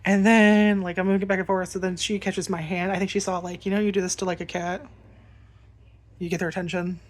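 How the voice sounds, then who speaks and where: Lady vlogger ranting a story, lowish voice, rambly, swears a lot, tons of um and like. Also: flat delivery, brisk. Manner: rambling, swears freely, lots of fillers. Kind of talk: casual storytime rant.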